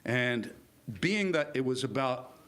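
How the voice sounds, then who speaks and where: A man's voice: mid-range voice, slow. A man born in Italy and raised in New Jersey, an actor telling stories in a casual chat, repeating words and acting out quotes. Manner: rambling, repeats words, animated quoting. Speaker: actor guest.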